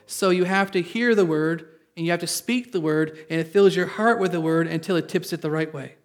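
A preaching man with a slightly high voice delivers an earnest sermon to a church congregation. He reads scripture aloud, explains it in everyday words, and keeps asking his listeners for an amen. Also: a little fast. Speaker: pastor.

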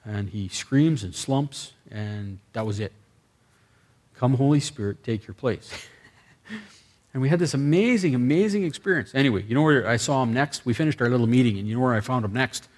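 A male preacher, speaking at an ordinary middle pitch. He tells his sermon stories with animated energy, acting out the dialogue and breaking into excited bursts. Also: a little fast. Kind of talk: sermon storytelling.

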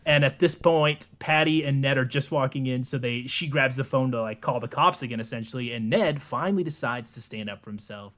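A young man co-hosting a podcast, recapping a film in a relaxed, joking way, laughing often and swearing. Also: medium pitch, a little fast, hardly any pauses. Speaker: podcast co-host. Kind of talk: casual movie recap chat.

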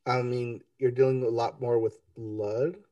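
A man co-hosting a TV review podcast, talking in a relaxed, offhand way. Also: medium pitch, a little slow, no room sound, far from the mic. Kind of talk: casual chat.

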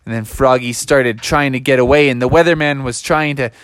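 A storyteller telling a made-up tale in an animated, casual way, acting out each character. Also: medium pitch, a little fast, clear, resonant tone, dry recording.

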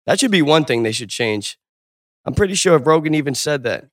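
A man's voice: fairly high pitch, lively intonation, fairly quick, dry recording, clean studio sound. A man co-hosting a casual podcast, rambling loosely and swearing freely. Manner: loose, profane, wandering. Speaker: podcast co-host. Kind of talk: casual crude chat.

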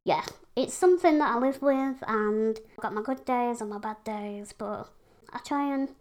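Chatty English woman, slightly high voice. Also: moderate pace, a little mellow. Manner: chatty, frank, lots of fillers. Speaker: podcast guest. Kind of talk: casual conversation.

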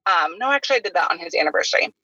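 A woman in her thirties talks quickly on a casual podcast, her voice bright and forward. She keeps dropping "like" between her thoughts. The sound is dull and lo-fi. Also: on the low side, lively intonation, breathy edge, dry recording. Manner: chatty, heavy use of "like" fillers. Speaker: podcast host.

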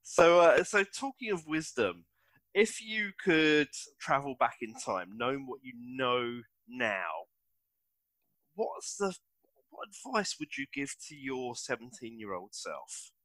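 A man's voice: mid-range voice, expressive, slow pace, fairly bright tone, no room sound. A man hosting an interview, enthusiastic and stumbling over his questions. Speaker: podcast host.

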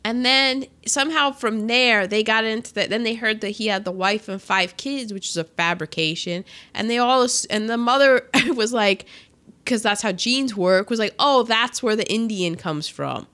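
A woman's voice: a little high, normal speed. A woman chatting casually as she retells a film's plot, acting out the lines with laughter. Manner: animated, acts out quotes with laughs. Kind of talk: casual chat retelling a film.

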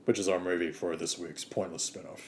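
A man's voice: sits low, a little fast, a little hiss or hum. A man co-hosting a podcast in a rambling, giggly, casual comedic chat. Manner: giggly, rambling, deadpan teasing. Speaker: podcast co-host.

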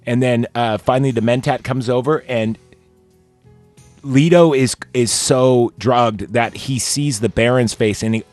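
Over soft background music, a man hosting a podcast recounts a movie scene in a casual, rambling way full of fillers, acting out what the characters say. His medium-pitched, darkish voice stays steady and unhurried, and the recording is dry.

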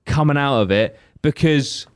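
A young man telling a story on a podcast, animated and sweary, laughing often. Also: on the high side, measured pace, smooth, no echo, studio quality. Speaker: podcast co-host. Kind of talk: casual storytelling chat.

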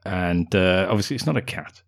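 A man's voice: sits low, a little fast, vocal fry. A British man co-hosting a podcast, chatting casually about a film, swearing, laughing a lot and mocking it. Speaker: podcast co-host. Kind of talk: casual film-review chat.

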